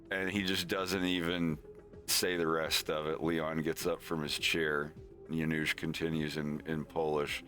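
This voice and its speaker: A low-voiced man rambles through a retelling in a loose, casual way, often restarting his sentences. His tone is bright and forceful, with faint music playing underneath. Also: level tone, unhurried. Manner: rambling, many restarts and fillers. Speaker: streamer.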